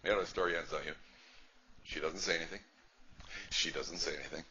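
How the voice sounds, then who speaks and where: The recording is a dull, lo-fi lecture with faint noise. A male rabbi with a low voice speaks at a quick pace in a steady tone, sounding pushed and bright. His humorous storytelling class is chatty and repetitive, punctuated by frequent "right?" to the audience.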